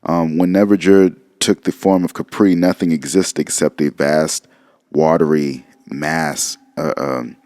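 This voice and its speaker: Man, very low and gravelly, lecturing casually, blunt and profane, dry close sound. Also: steady tone, measured pace, darkish tone, no room sound. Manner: profane, blunt, musing aloud. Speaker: occult lecturer. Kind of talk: casual lecture reading from texts.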